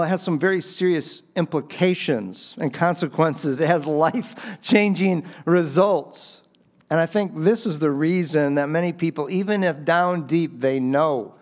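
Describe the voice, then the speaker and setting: A man's voice: a little high, darkish tone. A man preaching a sermon in an earnest, conversational way, explaining scripture with frequent restarts. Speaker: pastor.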